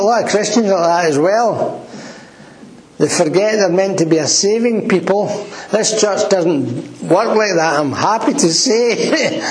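A man's voice: high-pitched, expressive, measured pace, slight background noise, poor audio. A man preaching a sermon in a church, earnest and emphatic. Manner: earnest, emphatic, quoting scripture.

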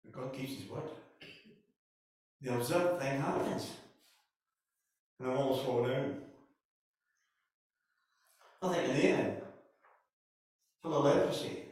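A man with a Scottish accent preaching a sermon, retelling Bible stories with animated, conversational delivery. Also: mid-range voice, slow, pauses often. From Scotland. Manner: animated storytelling, acting out Bible scenes. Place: church hall. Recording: echoey church hall from far off.

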